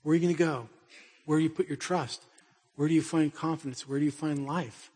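A middle-aged male pastor with a fairly high, husky voice delivers a sermon in a loose, storytelling manner, pressing his listeners with direct questions. His voice carries a long reverb from a large hall. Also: fairly even intonation, fairly quick, darkish tone. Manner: conversational storytelling with pointed rhetorical questions.

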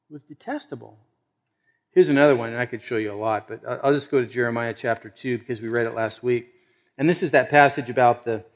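A man preaching a sermon and reading scripture aloud, swinging between loud emphasis and hushed asides. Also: mid-range voice. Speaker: pastor.

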